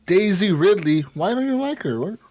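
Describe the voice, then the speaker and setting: A man's voice: high-pitched, big pitch swings, normal speed, a little mellow, no room sound. A man co-hosting a gaming podcast, bantering with friends in a teasing, profane way. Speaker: podcast co-host. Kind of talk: casual gaming chat.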